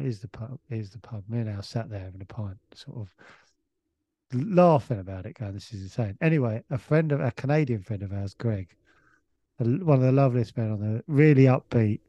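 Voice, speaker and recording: A man's voice: mid-range voice, dark tone, no room sound, highs cut off. Rambling man telling a gig story. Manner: rambling, stop-start storytelling with swearing. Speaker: comedian guest. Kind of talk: casual anecdote on a podcast.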